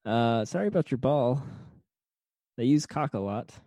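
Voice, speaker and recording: Wry mellow-voiced male co-host. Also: mid-range voice, expressive, normal speed, no room sound. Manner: wry, reads listener titles aloud. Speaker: podcast co-host. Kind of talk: casual chat.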